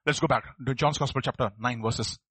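A man's voice: mid-range voice, fairly even intonation, fairly quick, a bit bright, husky, no room sound. A man preaching a sermon, asking his listeners rhetorical questions. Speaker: pastor.

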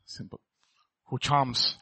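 A man delivers a sermon, hurling rhetorical questions at the congregation and shifting from quiet asides to loud, forceful peaks. The pace is slow and the recording is dry.

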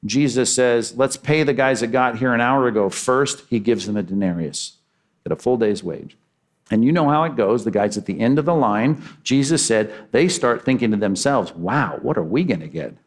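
A man preaching a sermon in an animated way. His voice sits at a medium pitch, and he rises and drops sharply as he acts out the people he quotes. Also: normal speed. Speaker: pastor.

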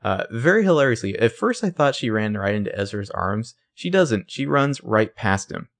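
A man casually recapping a TV episode on a podcast, acting out the characters' lines in quick put-on voices. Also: fairly low pitch, very animated. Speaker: podcast co-host recapping a show. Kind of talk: casual chat.

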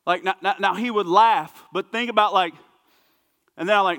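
A man preaching a sermon as pastor, emphatic and repetitive, dropping to hushed asides. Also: high voice, fast, big-room sound. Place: church sanctuary.

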